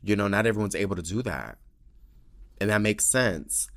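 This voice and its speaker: A man hosting a podcast in casual chat, expressive and profane, with many filler "likes". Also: on the low side, normal speed. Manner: expressive, profane, heavy use of "like". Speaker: podcast host.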